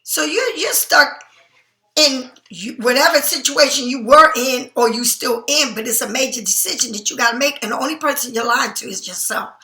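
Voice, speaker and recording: A woman's voice: high voice, normal speed, sharp tone, reverberant. Blunt, sleepy woman tarot reader. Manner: blunt, emphatic, swears freely. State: sleepy, yawning. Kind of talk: casual tarot reading to viewers.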